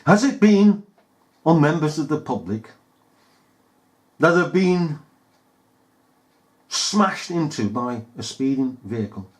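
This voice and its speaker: A man's voice: fairly high pitch, big pitch swings, slow, long pauses. A man giving scornful, emphatic commentary over news footage, full of rhetorical questions. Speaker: video commentator.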